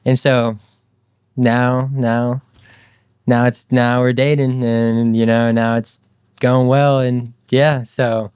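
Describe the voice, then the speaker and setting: Brief: young guy, 20s, smooth voice, chatty rambling storyteller, dry close mic. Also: medium pitch, flat delivery, takes it slowly, a little mellow, no echo. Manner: rambling, loose, lots of fillers and "dude". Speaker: podcast guest. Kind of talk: casual storytelling chat.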